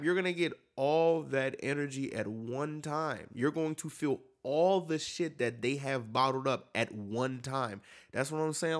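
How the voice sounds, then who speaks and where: A man's voice: a little high, fairly bright tone. A man hosting a reaction video, talking in a casual, emphatic way with lots of slang and swearing.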